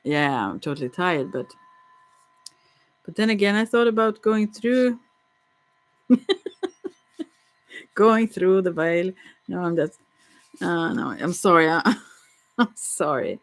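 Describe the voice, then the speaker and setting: A woman's voice: on the low side, expressive, takes it slowly, long pauses. A woman rambling in a casual monologue, musing dreamily, giggling and stammering with frequent restarts.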